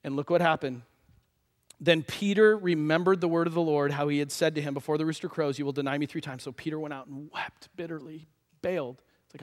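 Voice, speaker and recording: Preaching as a pastor, this man tells the story vividly and gives each character a voice of their own. He's somewhat high-pitched and brisk, and the audio carries a big-room quality.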